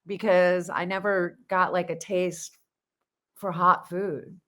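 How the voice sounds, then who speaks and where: A woman's voice: fairly low pitch, level tone, takes it slowly, fairly bright tone. A middle-aged woman, a guest on a podcast, telling family stories in casual chat and laughing often. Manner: laughs often, chatty storytelling. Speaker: guest musician.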